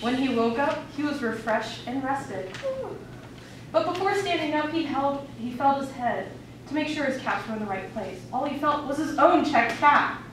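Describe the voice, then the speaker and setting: Playful woman storyteller, high voice; distant mic, noisy room. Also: moderate pace. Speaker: student storyteller. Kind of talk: reading a children's story aloud in class. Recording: echoey room, far mic, background noise.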